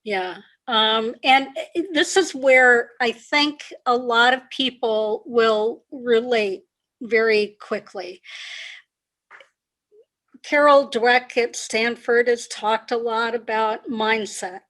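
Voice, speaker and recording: A woman executive coach, a podcast guest, explaining ideas in a measured way and repeating key phrases. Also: on the high side, fairly even intonation, fairly bright tone. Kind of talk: conversational interview.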